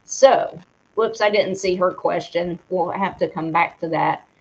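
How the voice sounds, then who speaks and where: A woman's voice: fairly low pitch, measured pace. A woman co-hosting a live show, reading product details aloud, tripping over hard words and laughing at herself. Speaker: co-host reading a sponsor segment. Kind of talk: casual live-stream talk. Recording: dull lo-fi stream audio.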